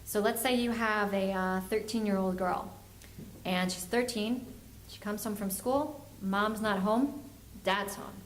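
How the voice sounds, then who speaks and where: A woman's voice: mid-range voice, a little slow, a little hiss or hum. A woman, a family therapist, giving a workshop lecture and acting out the parents and kids she quotes. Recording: echoey room, faint ambience.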